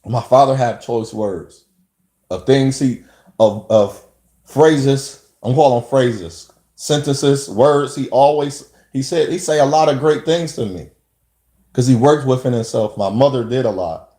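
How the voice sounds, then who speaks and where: A man's voice: medium pitch, unhurried, warm tone, reverberant. A man talking straight to camera in a rambling monologue, full of rhetorical questions and restarts. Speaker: vlogger.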